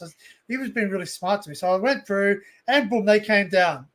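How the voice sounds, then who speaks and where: An Australian man with a notably high speaking voice tells rambling stories full of asides in a loose, unscripted chat he hosts. He talks into a desktop mic on a streamed call. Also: brisk, a bit bright. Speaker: live stream host. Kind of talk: casual group chat. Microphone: desktop USB mic on a stream call.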